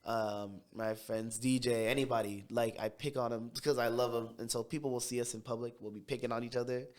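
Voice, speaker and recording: A young man from Tacoma, a podcast guest telling his story in a quick, brash, animated way. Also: medium pitch. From Tacoma, Washington. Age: young adult. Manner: fast, brash city talker who speeds up when excited. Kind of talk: casual storytelling interview.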